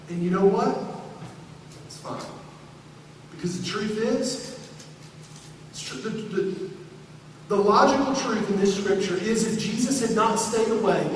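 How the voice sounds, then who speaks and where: A man preaching a sermon, speaking dramatically and rising to shouted appeals. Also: high-pitched, a little hiss or hum. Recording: echoey hall from far off.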